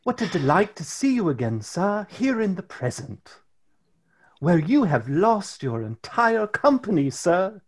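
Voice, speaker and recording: A tiny spectral intern in a newsboy cap, bowing and scraping with every word, voiced by a man running a tabletop game. His voice sits higher than ordinary talk and oozes eager servility. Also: very animated, measured pace, exaggerated voice. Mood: fawning. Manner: obsequious, says sir a lot.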